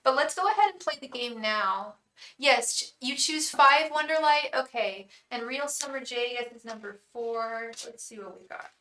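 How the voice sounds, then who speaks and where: At a normal speed, a woman from England talks in a slightly high, animated voice, pushed and bright, with a roomy sound. She's hosting a live tarot stream, chatting warmly and effusively, naming viewers as she greets them and pausing to restart sentences in casual stream talk.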